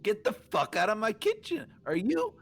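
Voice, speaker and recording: A man voicing a hot-tempered male cook who curses and yells people out of his kitchen. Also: high voice, huge pitch swings, normal speed, vocal fry, soft background music, pitched above the performer's own voice, full character voice. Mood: angry. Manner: yelling, cursing, abrupt.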